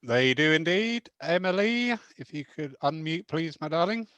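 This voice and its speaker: A male host speaks over a video call in a slightly high voice with a dry, close sound. His remarks are brief and affirming. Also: expressive, moderate pace, fairly bright tone, dry recording. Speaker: session host.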